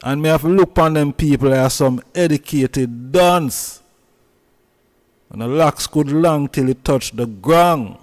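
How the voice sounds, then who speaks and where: A man with a Jamaican accent hosting a casual commentary vlog, repeating himself and stressing his points. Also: on the high side. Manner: repetitive, emphatic, drawn-out phrasing. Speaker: channel host.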